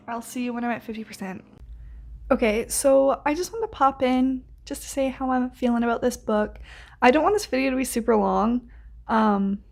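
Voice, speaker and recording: A woman's voice: fairly high pitch, creaky. A seventeen-year-old girl chatting casually in a reading vlog, rambling with lots of fillers and restarts. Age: teens. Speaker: book vlogger.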